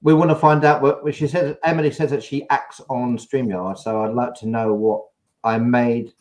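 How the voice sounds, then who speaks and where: A chatty English man hosting a loose live-stream test with friends. He jokes and laughs easily, his voice at an ordinary middle pitch, picked up through a video-call mic. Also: fairly even intonation, moderate pace, a little mellow. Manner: chatty, jokey, laughs often. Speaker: show host. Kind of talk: casual live-stream chat.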